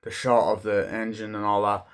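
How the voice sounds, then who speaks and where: Low-voiced man for a loose, sweary film review that wanders from scene to scene with plenty of fillers. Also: little pitch movement, normal speed, smooth. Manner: rambling and heavily profane; loosely retells scenes with frequent "like" and "um". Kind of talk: casual movie review.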